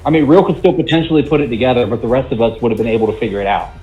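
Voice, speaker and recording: A man playing a tabletop game over a video call, thinking aloud quickly about the story. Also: mid-range voice, lively intonation. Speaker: player. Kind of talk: casual tabletop game chat. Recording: dull lo-fi mic with faint music.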